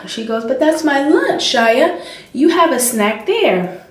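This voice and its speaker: A young woman vlogger chatting casually while she does her makeup, telling stories with animated expression and acting out her toddler's voice. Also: a little high, takes it slowly. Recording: roomy, distant home camera sound.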